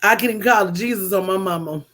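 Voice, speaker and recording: Speaking at a quick pace in a medium-pitched voice, the host of a casual livestream tells stories animatedly and preachily. She peppers them with call-and-response asides aimed at her viewers.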